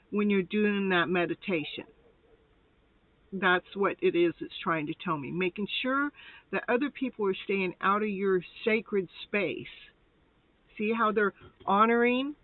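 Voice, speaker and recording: The host of a live tarot show, a woman with a mid-range voice, gives a casual reading that rambles along chattily with plenty of laughs and some shortness of breath. There's no echo, and the line is dry and tinny like a phone.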